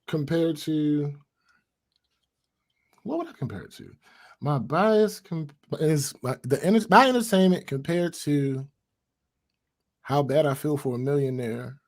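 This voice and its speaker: Podcast dude, slightly high voice, talks it through slow, lots of restarts. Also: male voice, darkish tone. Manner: thinks aloud, restarts and reasons step by step. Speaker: podcast co-host. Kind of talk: casual chat.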